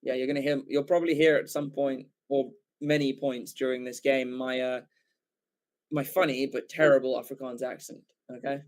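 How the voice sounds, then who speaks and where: English guy doing live rugby play-by-play, gets excited on breaks, lots of ums and restarts. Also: mid-range voice, normal speed. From England. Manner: excitable, rambling with fillers and self-corrections. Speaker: watchalong commentator.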